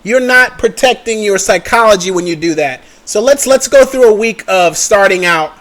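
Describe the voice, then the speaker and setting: Man, high voice, casual trading lesson, chatty, keeps asking "okay?". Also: animated, moderate pace, a bit bright. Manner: chatty, checks in with "okay?" and "right?" often, mutters at his computer. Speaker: trading educator. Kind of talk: casual screen-share lesson.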